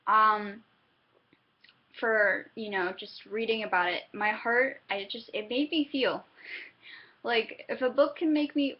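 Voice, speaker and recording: A woman's voice: fairly high pitch, takes it slowly, slightly rough, highs cut off. A young woman giving a casual book review, chatty and self-interrupting, often laughing between thoughts.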